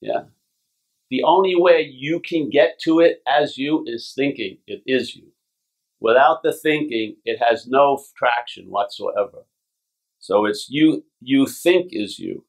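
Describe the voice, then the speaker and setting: At a retreat gathering, a Long Island, New York man gives a spiritual teacher's talk, reading passages aloud in a casual, blunt style, cursing now and then and often asking "yeah?". His mid-range voice has lively intonation and a measured pace.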